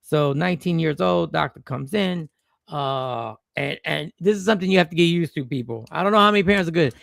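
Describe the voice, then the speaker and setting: A man's voice: fairly high pitch, a little fast, creaky, fairly bright tone, no room sound, studio quality. A man, a stand-up comedian, telling a personal story to viewers in a loose, rambling way with slang and restarts. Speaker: stand-up comedian and stream host.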